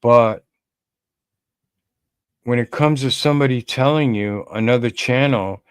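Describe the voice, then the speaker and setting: Slow, smooth-voiced man chatting. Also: mid-range voice, no echo, studio quality. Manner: rambling, addresses chat viewers by name. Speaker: podcast co-host. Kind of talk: casual livestream chat.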